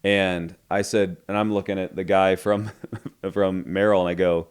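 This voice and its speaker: A man's voice: deep voice, level tone, measured pace, clean tone. A middle-aged man, a podcast guest, candidly retelling a business story and acting out the dialogue. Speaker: entrepreneur guest.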